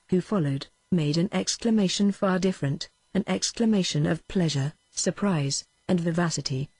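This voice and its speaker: Synthetic British female narrator, low breathy tone, flat machine reading. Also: dry recording. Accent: British English. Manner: even, mechanical, reads punctuation aloud. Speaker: audiobook narrator.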